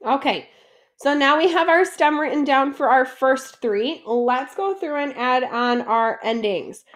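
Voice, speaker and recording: A woman's voice: high voice, unhurried. A woman teaching a French lesson, patiently asking questions and then answering them herself. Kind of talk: classroom lesson explanation.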